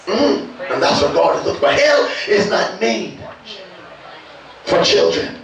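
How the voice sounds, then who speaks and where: A pastor preaching a sermon, calling out to the congregation and swinging from quiet storytelling to shouted peaks. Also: male voice, high-pitched, lively intonation, a little slow, creaky, pauses often, crowd noise. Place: church sanctuary. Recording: echoey church hall, distant mic.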